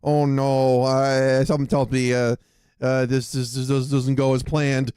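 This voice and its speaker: A man streaming, reacting to a video in casual commentary, excitable and stumbling over restarts. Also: mid-range voice, a little slow, clean tone, no echo, clean studio sound.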